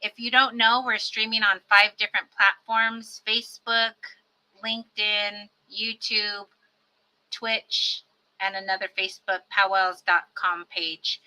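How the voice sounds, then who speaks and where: Bright-voiced woman hosting a virtual event. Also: medium pitch, level tone, measured pace, poor audio. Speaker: host.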